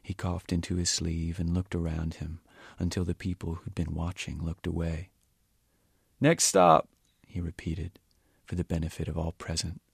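A man reading from his novel in a measured, quiet way, at times almost whispering. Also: low-pitched, monotone, gravelly, husky, no echo, studio quality. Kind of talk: audiobook-style reading.

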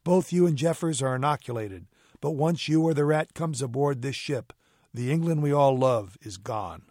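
An unflappable gentleman sleuth, read by a man, speaking in a measured, crisp and coolly ironic way. The voice sits at an ordinary male pitch. The recording is dry and close, with no room sound. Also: dry recording, close to an everyday voice. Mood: cool, commanding. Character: calm, cutting gentleman detective, cool and commanding. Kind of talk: audiobook character reading.

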